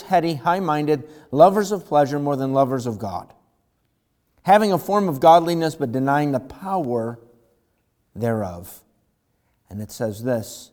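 A middle-aged male pastor preaching a sermon, swinging from loud emphatic lines to hushed ones. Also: medium pitch.

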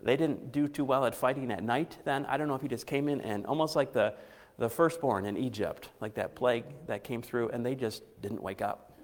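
A man's voice: medium pitch, a little fast. A man preaching a sermon in a conversational way, retelling scripture with acted-out dialogue and frequent restarts. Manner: conversational, acts out quoted dialogue, restarts often. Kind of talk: casual sermon.

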